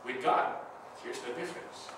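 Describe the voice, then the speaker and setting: Guy teaching a bible class, chatty, keeps asking "right?", mic far off, big echo and hiss. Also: moderate pace. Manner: conversational, asks the class "right?" often, acts out scenarios. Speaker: Bible school lecturer. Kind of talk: casual classroom lecture. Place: church classroom. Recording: echoey room, far mic, background noise.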